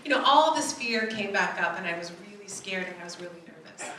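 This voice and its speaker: A woman giving a keynote talk, telling a personal story in an animated way and acting out the voices she quotes. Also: mid-range voice, a little fast. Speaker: keynote speaker. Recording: echoey hall from far off.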